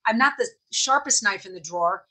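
A woman's voice: mid-range voice, lively intonation, fairly quick, pushed and bright. A woman hosting a live embroidery lesson, chatting casually and reassuring viewers by name as she reads their comments. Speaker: host of a live embroidery tutorial stream. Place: home sewing room with a dog nearby.

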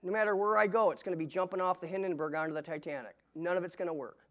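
A middle-aged man with a notably high voice shares his testimony from the pulpit of a church. He tells the story earnestly, stumbling over and restarting words as he goes. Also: quick pace, a bit bright. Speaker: guest preacher giving testimony. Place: church sanctuary.

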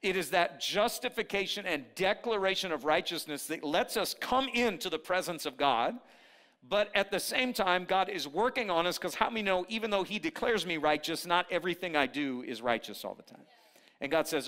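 High, bright-voiced pastor preaching. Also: male voice, normal speed. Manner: energetic, calls on the congregation to repeat and shout; playful teasing asides. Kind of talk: sermon. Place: church service.

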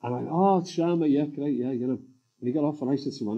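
A man's voice: medium pitch, quick pace, mellow, husky, dull audio. A man telling candid personal stories as a guest in a live on-stage interview. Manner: candid anecdotal storytelling. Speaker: guest, TV writer. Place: convention centre stage before an audience.

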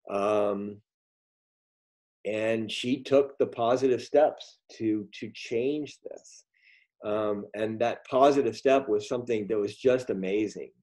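A middle-aged man telling a story on a video call, halting, with many ums and restarts. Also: medium pitch, mellow. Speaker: guest speaker. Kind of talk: storytelling talk in a virtual meeting.

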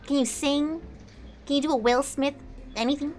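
A woman's voice: high voice, steady tone, moderate pace. A young woman giving frantic, jokey gameplay commentary, panicking and shrieking as she talks. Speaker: gaming YouTuber. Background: loud game music.

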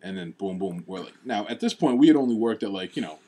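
A man's voice: on the low side, fast, a crowd in the background. A young man co-hosting a podcast, telling a story in casual chat, swearing and acting out the quotes. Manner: swearing, animated storyteller who acts out quotes. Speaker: podcast co-host.

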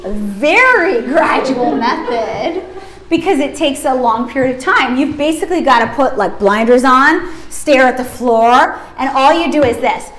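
Woman sleep consultant, high voice, chatty and emphatic, echoey room. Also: lively intonation, measured pace, a bit bright, slight background noise. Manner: chatty, emphatic, acts out babies and parents. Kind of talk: teaching a workshop.

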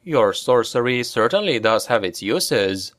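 A man's voice: medium pitch, sing-song, a little slow, fairly bright tone. Man playing a cold, imperious nobleman. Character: cold, imperious male nobleman, cruel and smug.

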